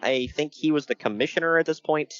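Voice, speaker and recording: This podcast co-host speaks briskly in a fairly high male voice, cracking jokes and laughing a lot as he excitedly goes over a wrestling show. The recording is dry and muffled.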